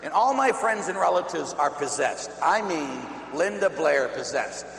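Animated male Catholic priest preaching. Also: fairly high pitch, unhurried, gravelly. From Pittsburgh, United States. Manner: animated and chatty, breaking into laughter and asides. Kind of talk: sermon with storytelling. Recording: echoey hall, faint hum.

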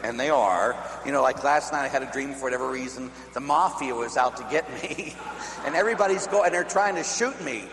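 Man, Catholic priest, from Pittsburgh, storytelling sermon, chatty, animated, echoey hall. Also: mid-range voice, a little fast. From Pittsburgh, United States. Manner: animated and chatty, breaking into laughter and asides. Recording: echoey hall, faint hum.

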